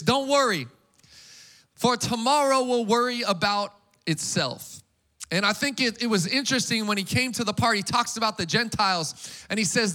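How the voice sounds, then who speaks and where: A man preaching an Easter sermon to a congregation, energetic and casual, with call-and-response. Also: sits high. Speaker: pastor.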